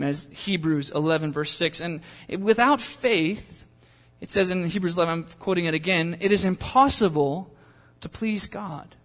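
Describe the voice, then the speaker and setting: A man's voice: high voice, moderate pace, a bit bright, in a large hall. A man preaching a sermon in a conversational way, building to impassioned pleas. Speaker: pastor.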